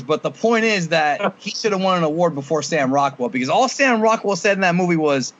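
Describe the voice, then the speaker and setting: Jokey man with slightly high voice. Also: animated, a little fast, few pauses, a bit bright. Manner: jokey, trivia-heavy banter ending lines with "bro". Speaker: podcast co-host. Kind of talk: casual chat. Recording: lo-fi podcast audio.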